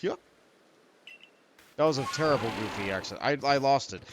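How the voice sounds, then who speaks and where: A man's voice: mid-range voice, fast talker, noisy background. A young man streaming a video game, rambling and poking fun at himself while he talks to the creatures on screen. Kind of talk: let's play commentary.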